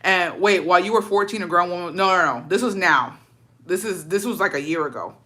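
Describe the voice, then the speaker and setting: A young woman spins a storytime tale in a bright, forceful voice. She curses constantly and slides between English and Spanish. She jumps into the voices of the people she quotes as she goes. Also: lowish voice, brisk. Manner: profane, animated, acts out quoted dialogue; slips into Spanish phrases. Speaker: storytime vlogger. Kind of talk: casual storytelling.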